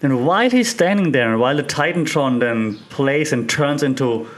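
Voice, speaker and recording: Man, media professor, excited commentary, laughs a lot, mid-pitched voice. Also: moderate pace. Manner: excited, animated, laughs often. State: occasional cough. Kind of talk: enthusiastic commentary.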